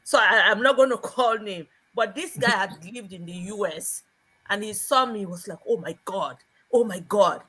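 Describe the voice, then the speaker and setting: A woman's voice: medium pitch, normal speed, bright, forceful tone, breathy edge, poor audio. A woman from Nigeria, a panelist on a live show, telling a personal story expressively and laughing along the way. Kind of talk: casual storytelling.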